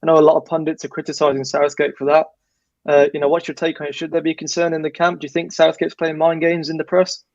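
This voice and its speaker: Host guy, a bit higher voice, measured and umm-y, dull dry sound. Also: monotone, a little mellow, no echo. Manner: measured, hesitant, with fillers. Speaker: show host. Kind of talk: casual chat.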